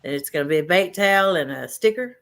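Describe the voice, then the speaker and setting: Low-voiced easygoing woman livestream host. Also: animated, fast. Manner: easygoing, reads out chat names and greetings. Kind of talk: casual livestream chat.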